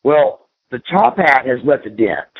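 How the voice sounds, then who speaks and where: A man at a mid pitch tells long, rambling stories from his career as a former pro wrestler, tripping over and repeating his words. His voice comes through a narrow, tinny phone-like radio line. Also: sing-song, unhurried, slightly rough. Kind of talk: casual storytelling in an interview.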